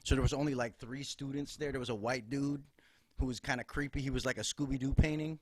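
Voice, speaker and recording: A man's voice: medium pitch, fairly even intonation, quick pace, no room sound, clean studio sound. A man from Chicago, a comedian guest telling loose, profane stories on a podcast. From Chicago, USA. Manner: loose, profane, rambling, punchy. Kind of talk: casual comic storytelling on a podcast.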